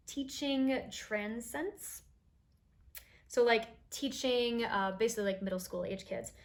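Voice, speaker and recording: A young woman in her twenties, a teacher vlogger, explaining her school paperwork in a chatty, upbeat way with plenty of fillers. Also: medium pitch. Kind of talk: casual explanatory vlog.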